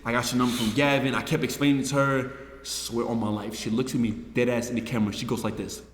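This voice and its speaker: A young man, a streamer, telling a story to his friends in a casual, animated, profane way, repeating himself and swinging from hushed to shouting. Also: mid-range voice, fast talker. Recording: echoey room with long reverb, faint noise.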